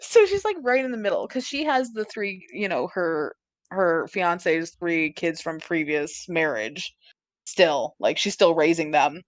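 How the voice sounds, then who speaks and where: A woman's voice: fairly low pitch, unhurried, no echo. A young woman co-hosting a podcast in casual chat, swearing freely and laughing often. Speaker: podcast co-host.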